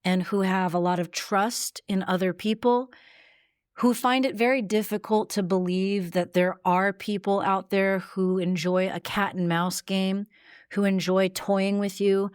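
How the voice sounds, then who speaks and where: A woman voice coach teaching a podcast lesson in a gentle, reflective way. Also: mid-range voice, steady tone, unhurried, clean tone, no echo, studio quality.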